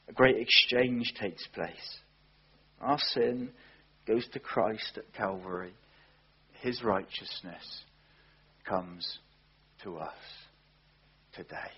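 Slow, husky male preacher. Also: lowish voice, lo-fi sound. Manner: earnest, emphatic, with rhetorical questions. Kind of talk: sermon.

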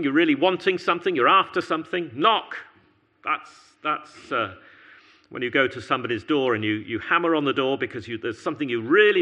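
Male preacher, earnest sermon delivery with repeated words for emphasis, bright tone. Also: fairly high pitch.

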